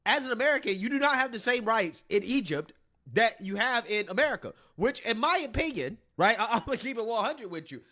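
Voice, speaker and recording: A man's voice: extremely high pitch, bright, forceful tone. A man hosting a reaction commentary, blunt and swearing freely, laughing between phrases. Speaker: commentary channel host.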